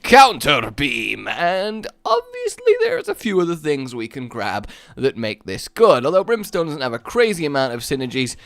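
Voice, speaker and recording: A man giving casual let's-play commentary as a gaming YouTuber, rambling and self-mocking, breaking into excited yelps. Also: on the high side, normal speed, vocal fry, few pauses, no room sound.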